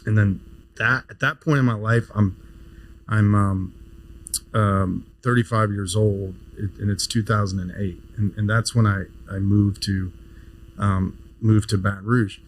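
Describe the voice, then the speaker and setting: A man in his fifties, a neurosurgeon guest on a podcast, telling a story in a casual, animated way with many restarts. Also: on the low side, measured pace, slight background noise, rough recording. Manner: animated storyteller, frequent restarts, laughs easily.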